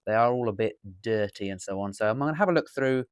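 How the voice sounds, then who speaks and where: This English dealer talks fast in a smooth, fairly low voice, with clean studio sound and no echo. He unboxes coins at an indoor table, rambling casually and correcting himself along the way.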